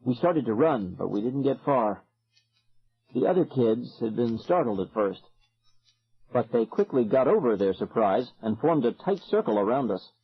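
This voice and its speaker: A man narrating a horror audiobook in the first person, in a dramatic, expressive way. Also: mid-range voice, moderate pace, breathy edge, highs cut off.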